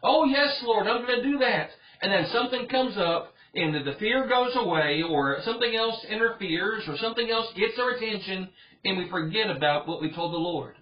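A man's voice: high voice, lively intonation, moderate pace, lo-fi sound. A pastor giving an earnest Bible study sermon, driving his points home by repeating phrases.

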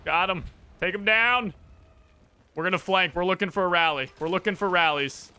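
A man commentating his own shooter gameplay, excitable and reactive, with game gunfire behind him. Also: sits high, quick pace, clear, resonant tone. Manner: excitable, reactive, jokey, exclaims often. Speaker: gaming channel host. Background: gunfire and explosions from the game.

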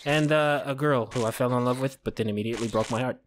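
A man's voice: mid-range voice, quick pace, background noise. A man casually commenting while playing a game, sarcastic, profane and rambling. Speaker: streamer. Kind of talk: casual let's-play commentary. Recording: game music behind.

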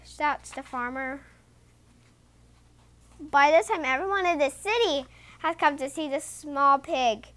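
A woman reading a children's picture book aloud in an expressive, sing-song storytelling voice. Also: high voice, slow pace, long pauses.

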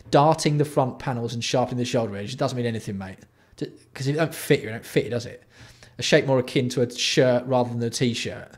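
A man's voice: mid-range voice, fast. A young man hosting a livestream, reading product copy aloud and mocking it with sweary, exasperated commentary. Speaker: livestream host.

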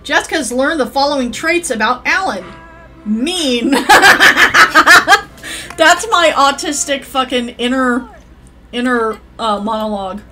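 Woman, young adult, gameplay commentary, profane, rambling, raised pitch. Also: moderate pace, soft background music. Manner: profane, yells at the game characters; rambling, self-interrupting. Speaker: streamer playing a life-sim game.

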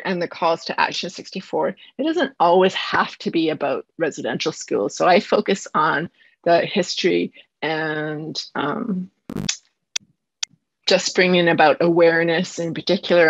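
A woman high school math teacher from Canada giving a live online presentation, speaking fast and earnestly with slight nerves, from home over a video call. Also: no echo, lo-fi sound.

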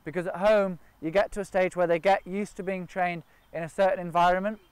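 A man's voice: high-pitched, steady tone, brisk, smooth, no echo. A man training gundogs outdoors, explaining each step in a practical way. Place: outdoors in a park and by a river.

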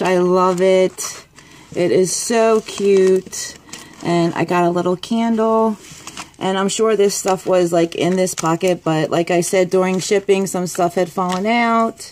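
Gushing excited woman, slow talker. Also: on the low side, slight background noise. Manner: gushing, excitable, chatty with fillers. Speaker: vlogger. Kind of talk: casual unboxing chat.

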